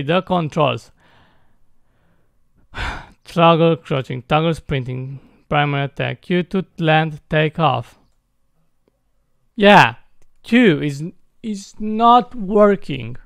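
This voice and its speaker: An excitable young man commenting on his gameplay in a high, clear voice, talking slowly between loud yelps. The recording is close and dry. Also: no echo. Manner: playful slangy talk. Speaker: gamer.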